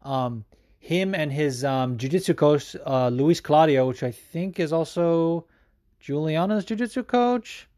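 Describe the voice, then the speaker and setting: A man hosting a podcast, talking casually in a rambling, excitable way with plenty of fillers and swearing. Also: a little high, measured pace, dry recording, studio quality. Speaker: podcast host. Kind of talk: casual chat.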